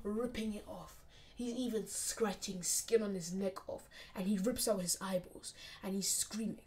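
A woman's voice: mid-range voice, darkish tone. A young woman casually narrating a fan-made anime story, often dropping to a near whisper.

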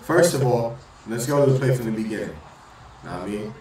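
Fired-up man yelling at a basketball game. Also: medium pitch, animated, fairly quick, very echoey, recorded from a distance, rough recording. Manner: loud, profane trash talk, repeats phrases. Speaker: reaction channel host. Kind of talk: excited basketball reaction commentary.

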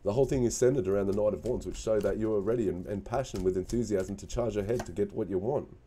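A man's voice: fairly low pitch, fast talker, mellow, slight background noise. A man giving a casual spoken tarot reading, earnest and encouraging, repeating himself and restarting phrases. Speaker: tarot reader.

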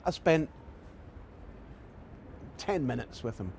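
A man's voice: medium pitch, takes it slowly, vocal fry, slight background noise. A Scottish man with a Glasgow accent, an actor guest telling anecdotes in an interview and acting out the voices of the people in them. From Scotland. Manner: animated storyteller acting out quoted lines.

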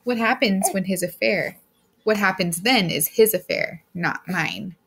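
A woman's voice: medium pitch, unhurried, fairly bright tone, husky. A woman reading the part of a ruthless, smug businessman husband, speaking coldly and harshly with a gloating edge.

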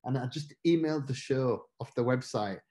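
A man's voice: mid-range voice, moderate pace, warm tone. A middle-aged British man giving a chatty, self-mocking motivational talk and acting out quotes from his own story. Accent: British English. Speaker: motivational speaker.

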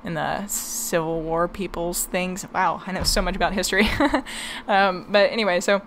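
A woman's voice: on the low side, moderate pace, a bit bright, a little hiss or hum. A young woman hosting a podcast, telling a story in a casual, chatty way, laughing often and filling her talk with "um" and "like". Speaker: podcast host.

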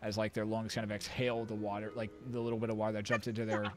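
A man's voice: lowish voice, completely flat delivery, racing, darkish tone. A man narrating as game master for a tabletop game, rambling with many fillers and restarts. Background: background music.

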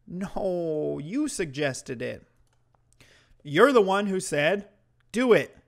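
A man's voice: sits high, very animated, drawn-out words, gravelly. A man streaming commentary to his chat, ranting in a heated, mocking way with heavy swearing.

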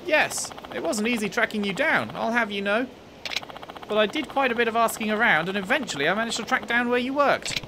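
A man doing a prim, polite older woman from a video game, a former headmistress, in a high, careful falsetto. Plenty of noise sits behind her. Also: animated, fairly quick.

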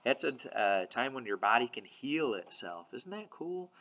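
Guy teacher walking little kids through a picture book, soft and wondering, lots of oh's, voice going up and down a lot. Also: medium pitch, very animated, normal speed, creaky, rough recording. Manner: gentle and wondering, full of soft "oh"s and guesses. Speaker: preschool teacher. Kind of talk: picture walk of a storybook for young children.

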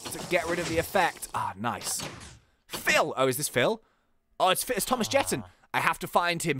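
A woman giving let's play commentary, excitable, thinking aloud and singing little jingles. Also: lowish voice, noisy background. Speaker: gaming YouTuber.

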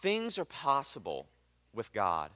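Young guy preaching, bright voice, goes loud then drops real quiet. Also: takes it slowly. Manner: expressive preaching, swings between loud emphasis and hushed low passages. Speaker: pastor. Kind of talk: sermon.

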